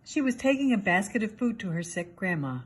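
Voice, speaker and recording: Woman reader, kids' storybook, husky, very lively pitch. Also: fairly quick. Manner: expressive, animated reading for children. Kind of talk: storybook read-aloud.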